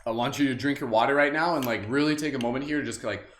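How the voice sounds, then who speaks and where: Speaking fast in a medium-pitched voice, a man hosts a live guided group meditation with an upbeat, casual feel, many fillers, and frequent laughter. The audio comes from a livestream camera mic in an echoey room.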